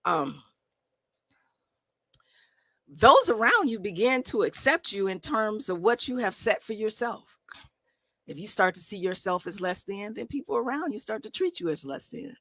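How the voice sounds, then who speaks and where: A woman life coach gives a motivational talk with a bright, forceful voice, leaning on rhetorical questions and preacher-like emphasis. Her phrasing stays casual and conversational. The sound is dry and close, with almost no room around it. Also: medium pitch, lively intonation, moderate pace, pauses often, no echo. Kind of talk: motivational talk to a live audience.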